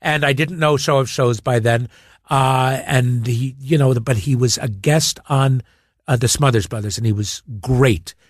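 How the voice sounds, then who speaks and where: A middle-aged man telling stories in a rambling, excitable way as a podcast guest. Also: mid-range voice, measured pace, no echo, clean studio sound. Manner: rambling, excitable, shouts out quoted lines. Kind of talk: casual chat, storytelling.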